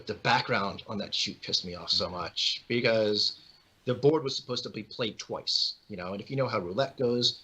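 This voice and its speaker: A man's voice: mid-range voice, slightly rough, low-quality recording. A young man, a guest actor, telling casual stories and acting out the voices of the people in them. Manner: animated, acts out quoted voices. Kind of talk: casual storytelling.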